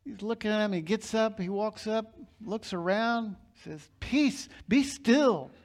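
A male pastor preaching a sermon, emphatic and storytelling, building his points to loud peaks. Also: high-pitched, fairly even intonation, moderate pace.

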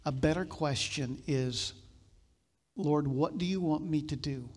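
A man's voice: fairly high pitch, measured pace, darkish tone, slightly rough. A pastor preaching a sermon, speaking directly to his congregation.

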